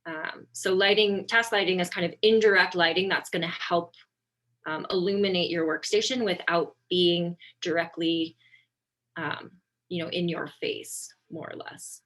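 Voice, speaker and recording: A woman occupational therapist giving an informal webinar lesson over slides, relaxed and conversational with frequent ums and self-corrections. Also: lowish voice, a little slow.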